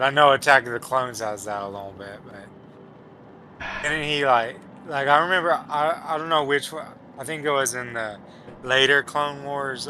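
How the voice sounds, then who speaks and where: Male co-commentator with a bright, forward tone and a meandering delivery. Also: mid-range voice, a little hiss or hum, rough recording. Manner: meandering, trails off and restarts thoughts. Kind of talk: casual chat.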